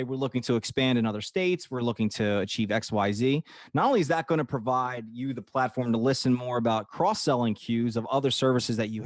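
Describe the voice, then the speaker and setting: A man's voice: medium pitch, no room sound. A man with a Northeast Philadelphia accent co-hosting a business podcast in casual chat, rambling and repeating words as he talks. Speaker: podcast co-host.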